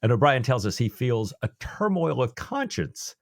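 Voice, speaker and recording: A man's voice: mid-range voice, normal speed, no room sound, clean studio sound. A man co-hosting a podcast, chatting casually about a novel and acting out the characters' lines. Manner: animated, acts out characters' lines. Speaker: podcast co-host. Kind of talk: casual book discussion.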